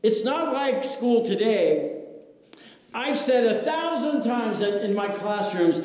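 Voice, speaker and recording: A male pastor preaching with a high, lively voice that climbs and drops dramatically. He takes his time, swinging between big exclamations and hushed lines. The sound rings through a big echoey church with long reverb. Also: slow pace. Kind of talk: sermon. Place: church sanctuary.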